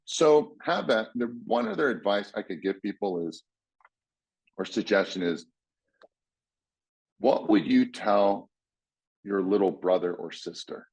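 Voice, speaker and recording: A man's voice: on the low side, expressive, unhurried, vocal fry, long pauses, a little mellow, breathy edge. A man giving blunt, casual motivational advice, swearing freely and acting out what people say. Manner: blunt, swears freely, acts out quoted voices.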